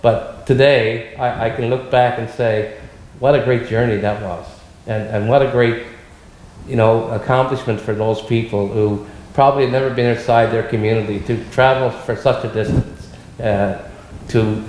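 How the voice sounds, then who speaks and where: Halting man in an echoey room. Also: mid-range voice, steady tone, a little mellow, slight background noise. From Labrador, Canada. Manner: halting, with fillers and repeated words. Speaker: interviewee. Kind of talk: reflective personal remarks.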